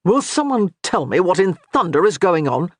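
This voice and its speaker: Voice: mid-range voice, lively intonation, normal speed, a little mellow, husky, no room sound, clean studio sound. A narrator doing an impatient English nobleman. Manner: impatient, demanding. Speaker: character in an audiobook. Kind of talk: audiobook character reading.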